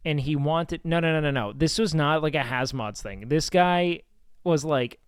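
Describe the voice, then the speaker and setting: A man's voice: on the high side, normal speed, clear, resonant tone, no room sound. A young man chatting casually on a live stream, rambling and swearing with lots of fillers.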